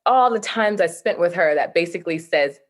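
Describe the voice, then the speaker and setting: A woman's voice: fairly low pitch, lively intonation, brisk. A woman guest, a poet and author, talking expressively in an interview, laughing often and reading her poetry.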